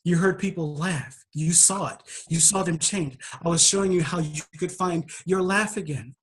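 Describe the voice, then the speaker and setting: A gentle divine voice speaks to a troubled soul in a near-hushed, steady tone, as a male storyteller acts it out. It is calm and patient, coaxing rather than commanding. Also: on the high side, moderate pace, husky. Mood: tender. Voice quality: hushed and soft.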